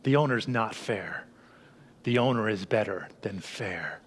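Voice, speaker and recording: A man preaching a sermon as a church pastor, earnest, dropping to hushed tones and then rising to emphatic peaks. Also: fairly low pitch, a little slow.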